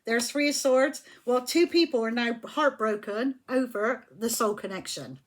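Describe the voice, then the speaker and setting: A woman's voice: on the high side, animated, unhurried, few pauses. A woman giving a casual tarot reading, blunt and emphatic, swearing when riled. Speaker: tarot reader.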